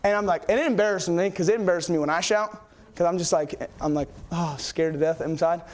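A young man preaching a sermon in a church, telling stories in an excitable, rambling way with many fillers. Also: high voice, fast.

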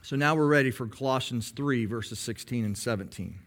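A man preaching a sermon to his congregation, explaining patiently and slowing down to stress key phrases. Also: medium pitch, a bit bright. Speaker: pastor.

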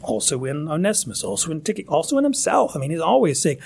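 A man's voice: fairly high pitch, big pitch swings, fast, creaky, few pauses, a little mellow, a little hiss or hum. A man preaching a sermon in a conversational, emphatic way, often restarting his phrases. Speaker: pastor.

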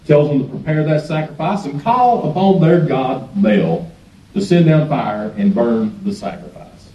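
This guest pastor's sermon comes through an echoey sanctuary via a distant, dull mic, with slight background noise. His mellow voice sits on the high side, expressive and a little slow, as he tells the story in a folksy manner, often chuckling.

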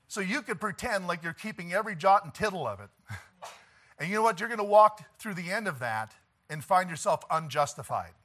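A man preaching a sermon, swinging from quiet pleading to shouted declarations and chuckling between points. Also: sits high, sing-song, fairly quick. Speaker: pastor.

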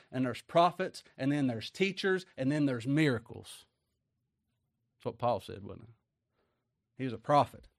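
Folksy preacher, dry sound. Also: male voice, mid-range voice, no echo. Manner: folksy, colloquial preaching with rhetorical questions. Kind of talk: sermon.

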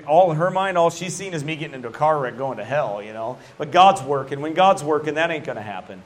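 A man's voice: on the high side, animated, fast. A middle-aged man preaching a sermon as pastor, folksy and emphatic, often dropping a casual "man" into his lines.

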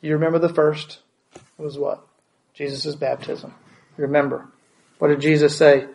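A man's voice: a little high, flat delivery, measured pace, vocal fry, a little mellow, slight background noise, low-quality recording. A man preaching a sermon as pastor, asking the congregation questions and repeating words for emphasis.

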